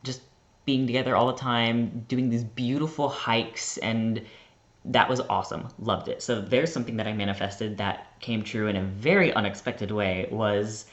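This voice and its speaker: A man's voice: lowish voice, fairly even intonation, normal speed, a bit bright, muffled recording. A young American man telling a rambling, chatty story to his vlog audience. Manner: chatty, rambling, heavy use of "like". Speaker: vlogger.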